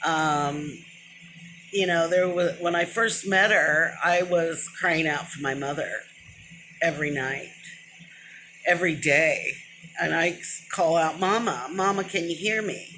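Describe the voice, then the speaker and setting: A middle-aged woman talks straight into a nearby camera in a loose, rambling vlog and keeps drifting off topic before pulling herself back with "but anyway". Her voice sits a little low for a woman, and she is openly emotional. A faint hiss of room noise runs under her voice. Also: steady tone, takes it slowly, long pauses, sharp tone. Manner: rambling, self-described, wanders off and says "but anyway". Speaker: vlogger. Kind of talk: casual rambling monologue to camera. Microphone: camera close to the face, within arm's reach.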